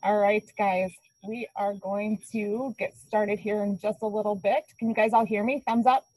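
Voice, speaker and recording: A woman's voice: mid-range voice, fairly even intonation, normal speed, a little mellow, no echo, rough recording. A woman instructor opening an online class over a video call, upbeat and chatty, a little scattered.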